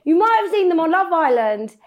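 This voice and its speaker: A woman's voice: very high voice, sing-song, fairly quick, highs cut off. A young woman from England, hosting a podcast in casual chat, brash, sweary and teasing, and sounding tired. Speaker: podcast host.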